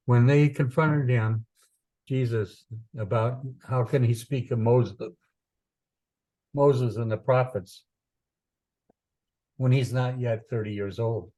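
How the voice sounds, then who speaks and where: Rambling astrologer man with a mellow voice. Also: medium pitch, fairly even intonation, measured pace, pauses often. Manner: rambling, with many fillers and repetitions. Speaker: astrologer teaching chart interpretation. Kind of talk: informal teaching talk.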